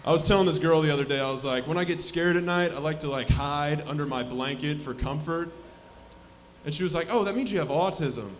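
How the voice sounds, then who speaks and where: A man in his 20s performs a live stand-up set in a comedy club, speaking on the high side and fairly quickly. He's deadpan, muttering asides before bursting into shouted voices.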